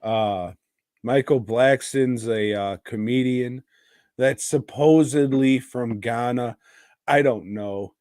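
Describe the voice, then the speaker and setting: A man's voice: medium pitch, takes it slowly, darkish tone, no room sound, studio quality. A man co-hosting a podcast, chatting in a crude, profane, rambling way. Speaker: podcast co-host. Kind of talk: casual podcast chat.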